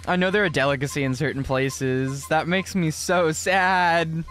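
A young male streamer commenting on his gameplay live and chatting with his viewers. His voice sits fairly high and swings widely in pitch, loud outbursts mixed with easy casual slang, over faint game music. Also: moderate pace. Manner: animated, exclaiming, casual slang.

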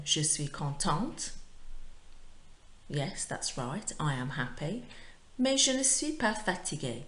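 This is a woman teaching a recorded lesson to pupils at home. Her voice sits low and she takes her time, spelling things out patiently and pausing for repetition. The sound bounces around a bare, echoey room. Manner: clear, patient, drills words for repetition. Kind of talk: recorded remote language lesson. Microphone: home recording for remote class.

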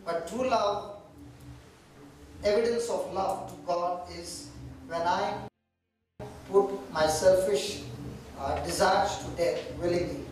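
A man's voice: sits high, slow pace, long pauses, darkish tone, faint music behind. A man preaching a conversational sermon to a church meeting, teasing the congregation with questions.

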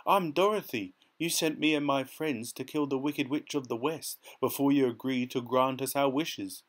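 A man voicing a young girl heroine who shouts in indignation. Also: mid-range voice, normal speed, pitched above the performer's own voice, close to an everyday voice. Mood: indignant.

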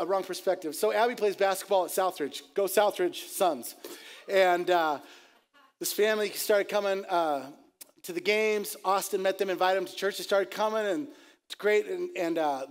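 A middle-aged man, a pastor, preaching a sermon and telling stories in an animated, jokey way, laughing at his own tales. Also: sits high. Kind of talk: sermon with storytelling.

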